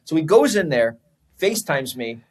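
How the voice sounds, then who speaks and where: A man, a real estate investor guesting on a podcast, telling a story in a casual, profane, animated way. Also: on the high side, normal speed.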